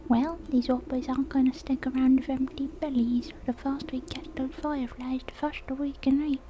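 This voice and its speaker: A man's voice: very high voice, level tone, brisk. A woman voicing a cheeky, scruffy boy who hoards frogs, talking brash and slangy in a whispered role-play. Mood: gleeful.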